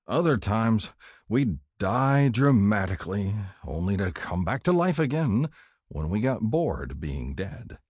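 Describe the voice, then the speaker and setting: Older male author-narrator for an audiobook memoir. Low, expressive, measured delivery. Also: breathy edge, dry recording, studio quality. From California, USA. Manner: measured, plain storytelling.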